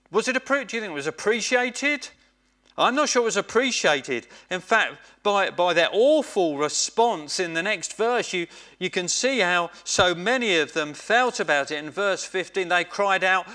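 A man preaching a sermon, slow and emphatic, often repeating phrases for weight. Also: high-pitched, lively intonation, pushed and bright.

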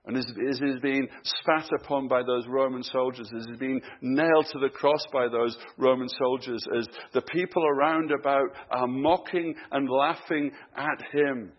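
A husky-voiced man preaching a sermon at a middle pitch. He drops to hushed, slow emphasis and then rises into urgent questions for his listeners. The recording sounds dull and lo-fi. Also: fairly even intonation.

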